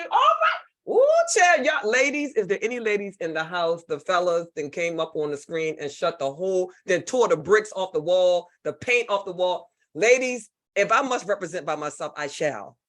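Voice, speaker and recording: A woman from the United States with a Southern drawl, leading an online leadership workshop in a lively, folksy and playful way. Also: on the low side. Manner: animated, folksy, playful, repeats herself. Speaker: leadership speaker. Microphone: computer mic on a video call.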